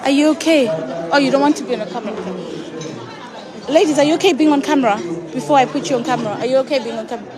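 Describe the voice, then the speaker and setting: Woman, bright high chatty greetings, phone-camera vlog, loud crowd behind. Casting note. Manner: bubbly, chatty, quick friendly greetings. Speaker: vlogger filming guests at a ball. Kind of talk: live-stream walkaround greetings. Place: large indoor ballroom. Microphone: handheld phone camera.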